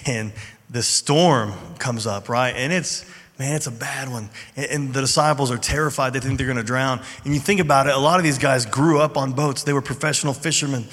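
A man's voice: mid-range voice, fairly even intonation, fairly quick. A man preaching a sermon in a casual, conversational way, then leading a prayer. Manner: conversational, informal preaching with fillers. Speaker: pastor. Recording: hall reverb with music behind. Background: soft music.

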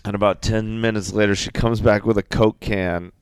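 A man telling funny stories in a casual chat, animated and laughing often. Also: lowish voice, normal speed, clean tone, no room sound.

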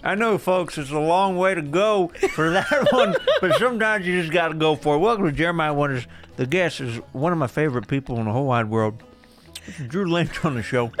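A man's voice: on the high side, expressive, a little fast, a bit bright, faint music behind. A man hosting a comedy podcast, chatting casually with playful, jokey asides. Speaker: podcast host.

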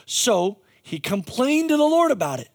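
A man's voice: extremely high pitch, big pitch swings, normal speed. A male pastor giving a conversational sermon, telling a story with jokey asides and frequent restarts.

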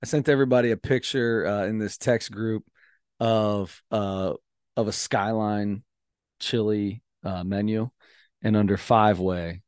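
A man's voice: lowish voice, a little slow, clear, resonant tone, no echo, clean studio sound. A man with a Midwestern American accent, co-hosting a casual podcast and telling stories with playful ribbing. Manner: animated storyteller, playful ribbing. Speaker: podcast co-host. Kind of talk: casual chat.

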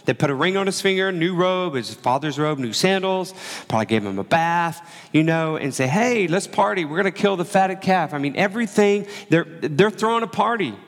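A man preaching a sermon in a relaxed, conversational way, acting out the quoted lines as he tells the story. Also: high-pitched, moderate pace, in a large hall. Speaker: pastor.

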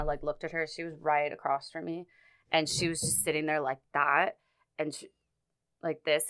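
A woman telling a personal story in casual conversation, halting often, with many fillers and restarts. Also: sits low, fairly bright tone, clear, resonant tone, no echo. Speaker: guest recounting a personal story.

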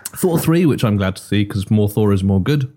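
A man's voice: lowish voice, animated, normal speed, dark tone. A man co-hosting a casual podcast chat about comic book films, joking wryly. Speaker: podcast co-host.

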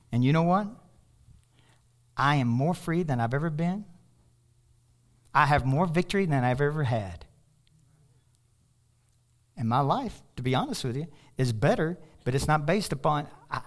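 A man preaching a sermon as pastor, passionate, climbing into loud, high bursts and then dropping to soft, low asides. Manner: animated storytelling with laughter.

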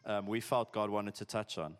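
A man's voice: fairly low pitch, normal speed. A man preaching a sermon in a conversational, jokey way, peppered with "like" and "eh". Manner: conversational, chatty, uses "eh" and "like", jokey asides. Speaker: pastor.

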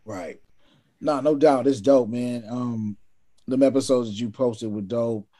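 A laid-back man hosting a podcast, with a mellow, warm tone and slangy replies. His voice sits at an ordinary pitch, and the recording is dry with no room echo. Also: measured pace. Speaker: podcast host. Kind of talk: casual chat.

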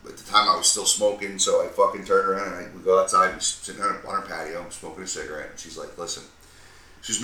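A man in his thirties, a podcast co-host, telling a profane, animated story with acted-out quotes. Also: low-pitched, quick pace, recorded from a distance. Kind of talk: casual storytelling chat. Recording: roomy sound, a bit off-mic.

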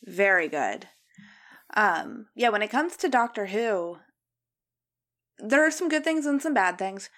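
A woman's voice: mid-range voice, expressive, a little slow, pauses often, a bit bright. A young woman co-hosting a podcast, chatting enthusiastically about films. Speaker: podcast co-host. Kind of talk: casual film discussion.

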